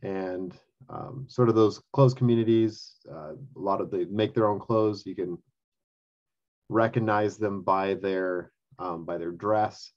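A man co-hosting a casual discussion, talking with many ums and pauses. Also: deep voice, a little mellow, dull audio. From US Pacific Northwest. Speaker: co-host.

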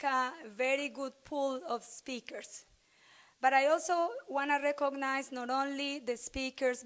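Woman, high voice, slow pace, hesitant with fillers, professor's welcome speech. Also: a bit bright. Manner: hesitant, many fillers and restarts. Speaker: university extension professor welcoming attendees. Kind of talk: opening welcome speech at a short course.

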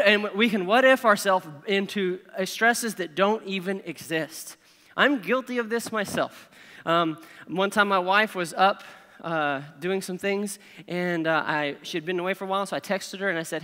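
A middle-aged man, preaching a sermon with animated, self-deprecating storytelling and acted-out inner voices. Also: high-pitched, a little fast. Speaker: pastor. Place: large church hall. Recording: reverberant hall.

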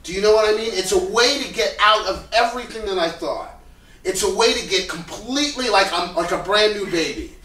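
A male acting teacher talks loudly and with animation, swearing freely and checking in with rhetorical questions. His voice is high and bright. The sound is roomy and picked up from a distance. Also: a little fast, a little hiss or hum. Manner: loud, animated, profane, full of rhetorical questions. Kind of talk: casual coaching talk. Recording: echoey room, distant mic.

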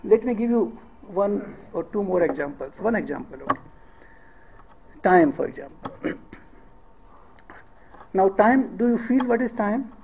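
A man's voice: high-pitched, lively intonation, a little slow, long pauses, a little mellow, a little hiss or hum, low-quality recording. A middle-aged man with an Indian English accent giving a public lecture, often asking the audience questions and checking in with "eh?". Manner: rhetorical questions, asks audience "eh?".

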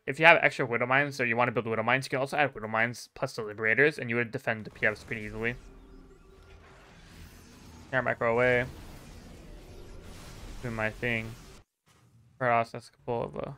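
A man giving relaxed, chatty commentary over a game replay as a coach, with many fillers. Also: medium pitch, a little hiss or hum. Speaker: StarCraft player and coach.

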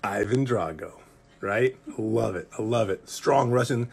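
A man in his forties, a pastor giving a Bible study sermon in a lively, joking way that acts out little characters. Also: on the low side, unhurried, vocal fry, breathy edge. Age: 40s. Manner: animated, acts out characters and jokes with the room. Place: church.

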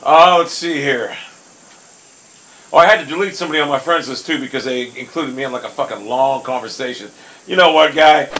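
A man commentating his own golf video game play, swearing constantly and bursting into frustrated shouts. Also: mid-range voice, a little fast, slight background noise, low-quality recording. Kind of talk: casual gameplay commentary.

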